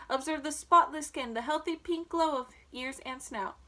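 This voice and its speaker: A woman voicing a pompous male announcer making a grand, formal speech over a fair loudspeaker in a storybook. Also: high-pitched, normal speed.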